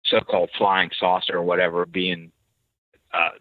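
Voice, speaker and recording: A man calling into a talk show, sharing his views in a halting way with many fillers. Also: low-pitched, level tone, no room sound. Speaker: caller. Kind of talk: casual phone-in chat. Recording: tinny phone line.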